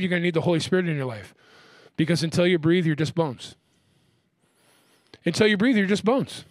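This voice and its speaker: A man preaching a sermon as pastor, asking the crowd "amen?" and slowing down to stress key words. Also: high-pitched, dry recording, clean studio sound. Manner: call-and-response preaching, frequent "amen?".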